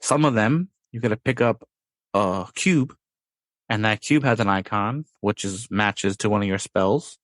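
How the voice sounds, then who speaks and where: A man's voice: on the low side, measured pace, no echo. A man hosting a podcast in casual chat, rambling, with playful sound-effect words. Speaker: podcast host.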